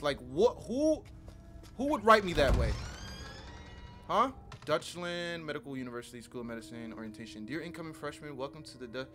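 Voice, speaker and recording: A young man commenting casually on a game he plays, loose and slangy as he reacts and reads text aloud. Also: mid-range voice. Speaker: gaming streamer. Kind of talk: casual let's-play commentary.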